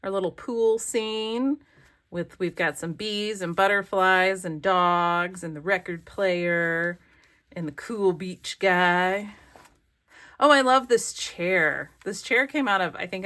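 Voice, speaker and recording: Chatty woman with a lowish voice. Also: slow, a bit bright. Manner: chatty and rambling, gushing over her pages. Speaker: craft vlogger. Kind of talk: casual flip-through commentary. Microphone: desk camera.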